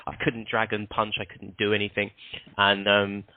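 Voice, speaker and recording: A man's voice: lowish voice, monotone, moderate pace, no echo. A man, a guest on a show, telling rambling anecdotes with lots of restarts. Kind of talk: casual interview chat. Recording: dry, tinny phone-like line.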